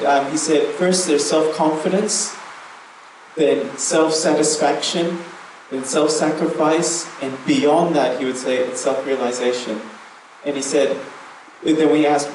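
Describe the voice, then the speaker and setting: A man sharing memories with a gathering in an earnest, reflective way, slowing down to stress key words. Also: fairly high pitch, darkish tone. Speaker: youth group member sharing memories. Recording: echoey room, distant mic, faint noise.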